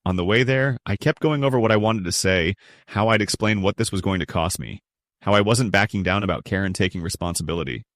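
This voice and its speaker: A man's voice: on the low side, a little fast, fairly bright tone, no echo, clean studio sound. A young adult man narrating a first-person family story in a blunt, resentful tone.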